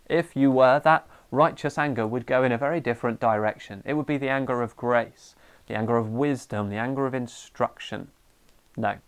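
A middle-aged man preaching a sermon, animated and lively, sometimes acting out a ranting parent. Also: mid-range voice, moderate pace, clean tone.

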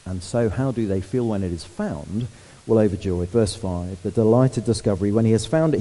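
A man preaching a sermon, lively and conversational, asking the congregation questions. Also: lowish voice, normal speed, poor audio.

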